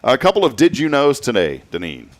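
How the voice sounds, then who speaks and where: A man's voice: mid-range voice, huge pitch swings, brisk. A man hosting a morning talk show, rambling and often restarting his sentences. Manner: rambling, self-interrupting, chatty. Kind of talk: casual chat.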